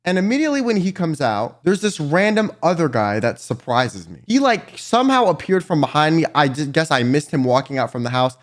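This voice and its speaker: A man tells a storytime vlog story in a high, very lively voice. His delivery is animated, loose and full of swearing. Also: fairly quick, hardly any pauses. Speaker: vlogger.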